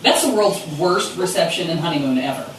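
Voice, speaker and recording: A woman's voice: lowish voice, animated, a little fast. A woman co-hosting a podcast, chatting in a sarcastic, wisecracking way, recorded in an echoey room from a distance. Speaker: podcast co-host. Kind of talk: casual chat. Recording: echoey room, distant mic, faint hiss.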